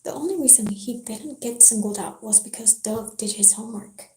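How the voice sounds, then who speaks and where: A woman reading a novel aloud on a live stream in a soft, slow whisper. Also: fairly high pitch. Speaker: live-stream book reader. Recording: roomy echo, faint hiss, dropping stream.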